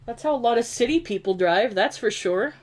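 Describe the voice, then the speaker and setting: On a gaming stream, a woman with an upstate New York accent chats casually and rambles, saying "like" constantly and laughing easily. Her voice is a little high and animated, a little fast, with a darkish tone.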